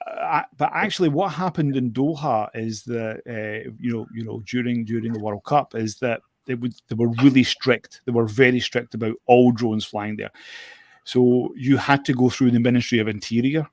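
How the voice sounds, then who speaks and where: A man at a middle pitch chatting casually as a guest, rambling through his story with many restarts and repeated words. He laughs often as he talks. The sound is close and dry, with no room around it. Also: normal speed, darkish tone, no room sound. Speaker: guest drone show operator. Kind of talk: casual chat.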